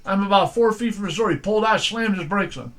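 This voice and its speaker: A man's voice: high voice, fast, a bit bright. An older man, preaching a sermon by telling plain, folksy stories from his own life in a firm way. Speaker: pastor.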